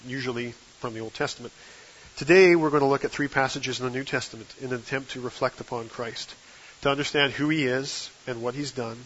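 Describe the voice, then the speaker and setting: A man preaches a sermon at an ordinary middle pitch, building his points steadily and leaning hard on the key phrases. The recording sounds a little dull and muffled, with a faint hiss under his voice. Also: fairly bright tone. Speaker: guest preacher.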